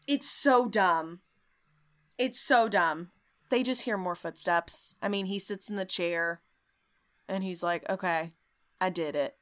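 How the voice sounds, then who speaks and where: Bright, sarcastic woman storyteller. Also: mid-range voice, slow, pauses often, smooth. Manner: animated, sarcastic, swears a lot. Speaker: podcast host. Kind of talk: comedic storytelling recap.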